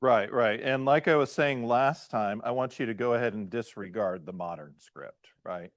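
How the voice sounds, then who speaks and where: A man's voice: mid-range voice, normal speed, no room sound. A pastor teaching a beginners' language class, quizzing his students and checking in with "right?" and "okay?" as he goes. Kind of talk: classroom lesson.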